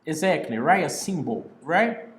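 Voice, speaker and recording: A man's voice: on the high side, expressive, measured pace, a bit bright, reverberant. A man teaching an online English class over a video call, patiently repeating key words.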